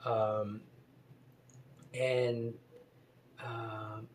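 A man talking alone in a rambling monologue, halting with many ums and uhs, hedging, spelling out words and reading a news story aloud. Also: mid-range voice, level tone.

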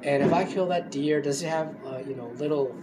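A man's voice: a little high, a little fast, noisy background, natural voice. A man mimicking a tender-hearted hunter. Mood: fretful. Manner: fretful, sentimental.

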